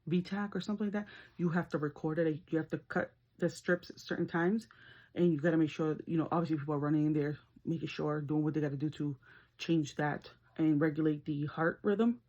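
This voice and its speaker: A woman's voice: a little fast, dull audio. A woman vlogger telling a story in a casual, chatty way while doing her makeup, laughing as she talks. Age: adult, works as a nurse. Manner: chatty and animated, laughs, slips into high-pitched screams when retelling. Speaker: beauty vlogger.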